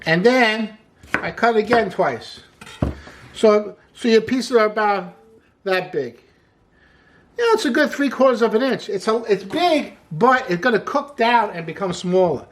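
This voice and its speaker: Chatty cooking host, mid-pitched voice, upbeat, keeps saying hey and wonderful, cracks little jokes. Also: animated, a little slow, noisy background. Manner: upbeat, often opens lines with "hey"; jokes and laughs at own asides. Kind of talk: casual cooking demonstration.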